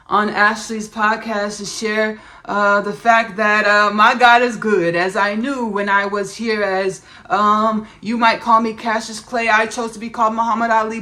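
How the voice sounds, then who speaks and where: Woman channeling a proud, teasing boxing-champion spirit, slow and emphatic, with a bright edge and some gravel. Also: mid-range voice. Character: boastful playful male boxing champion spirit.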